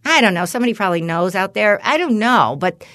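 A woman's voice: medium pitch, animated, quick pace, fairly bright tone, no echo, clean studio sound. A middle-aged woman hosting a podcast, telling a story in casual chat with exasperated, profane animation. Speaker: podcast host.

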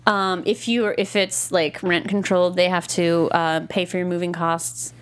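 A woman co-hosts a podcast from a recording studio, casually recapping a TV show in a lowish, level voice at a moderate pace. She rambles, restarts, uses lots of fillers, and laughs easily.

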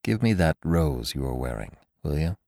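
A cool, quiet young safecracker, as a narrator plays him in an audiobook tale. The voice sits deep and low with a calm, clipped delivery. Close, dry sound. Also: male voice, moderate pace, gravelly, no echo, exaggerated voice.

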